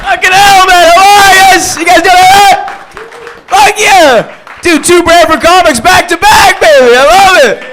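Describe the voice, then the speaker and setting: Hyped, yelling high-voiced comedian. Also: male voice, normal speed, a faint crowd, a little hiss or hum. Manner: hyped, shouting, profane. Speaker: stand-up comedian. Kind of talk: stand-up comedy.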